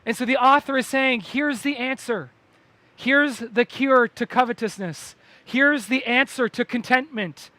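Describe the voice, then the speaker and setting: A man's voice: very high voice, unhurried, bright, forceful tone, no room sound. A male pastor preaching a sermon in a church, emphatic, repeating phrases and restarting as he presses his point.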